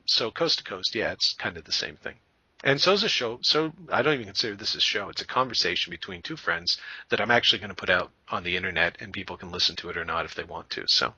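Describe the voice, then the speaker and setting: A man from Canada hosting a podcast, telling rambling, animated stories in a casual chat. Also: sits low, fast, slightly rough, no room sound, lo-fi sound. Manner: rambling, animated storyteller who breaks into funny voices. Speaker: podcast host.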